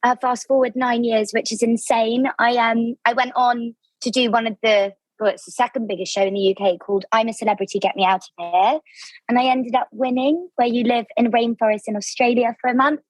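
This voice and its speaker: A woman's voice: on the high side, steady tone, fairly quick, no room sound, poor audio. Bubbly English woman in her twenties. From Devon, southwest England. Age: 20s. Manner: bubbly and effusive, laughs often. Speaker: guest author. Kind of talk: casual interview chat.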